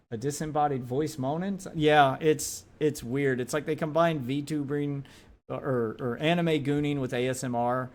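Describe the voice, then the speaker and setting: A man's voice: medium pitch, darkish tone. Blunt, profane American man reacting. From United States. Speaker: reaction commentator. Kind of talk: casual reaction commentary.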